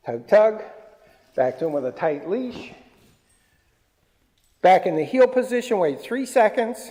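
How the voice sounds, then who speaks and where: A man teaching dog obedience who speaks slowly and with lively ups and downs in his somewhat high voice. He snaps out short commands, then softens into cooing praise. The sound carries a long reverb, as in a large hall. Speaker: dog trainer. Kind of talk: hands-on training demonstration.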